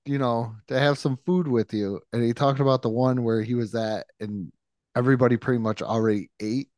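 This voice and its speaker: In casual podcast chat, a New York co-host with a medium-pitched, darkish voice rambles through stories a little fast and in a steady tone. He laughs often and acts out the quotes he tells. The audio is studio quality without room sound.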